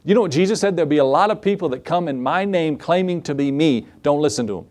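A man's voice: fairly high pitch, expressive, quick pace, a little mellow. A man preaching a sermon as pastor, earnest and direct, rising to emphatic peaks and acting out the prayers of the faithful.

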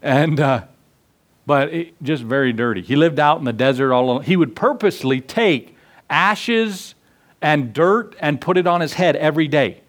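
A man's voice: fairly high pitch, lively intonation, normal speed. A middle-aged male pastor preaching a sermon in an earnest, conversational way, asking the listeners rhetorical questions.

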